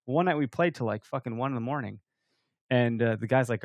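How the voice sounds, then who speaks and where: A man's voice: medium pitch, fast, no echo, clean studio sound. A man telling rowdy stories on a casual podcast, swearing freely and laughing as he talks. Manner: animated storyteller, profane, laughs often. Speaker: podcast co-host or guest. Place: podcast studio.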